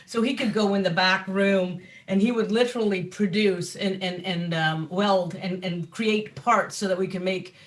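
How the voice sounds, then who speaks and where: A woman guest on a talk show chatting casually about her bikes, animated and swearing freely, laughing often. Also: medium pitch, moderate pace, few pauses. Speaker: guest, map company founder. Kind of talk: casual chat.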